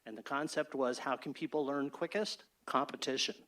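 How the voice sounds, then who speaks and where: A man who heads a state fair gives a brisk, orderly formal presentation to an advisory board. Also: mid-range voice, fairly bright tone. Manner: brisk, orderly, speech-like delivery. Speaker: state fair chief executive. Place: state board meeting room.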